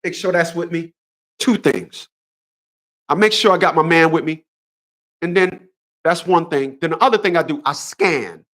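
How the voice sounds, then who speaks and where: A man's voice: fairly high pitch, normal speed, long pauses, fairly bright tone. A man in his fifties hosting a casual livestream monologue, emphatic and preachy, often repeating his phrases. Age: 50s. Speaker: host.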